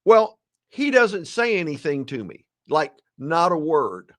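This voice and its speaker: A man in his sixties, a guest telling a story in a lively, dramatic way and acting out the quotes. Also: a little high, a little slow. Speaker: guest, ethics speaker. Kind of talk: animated storytelling.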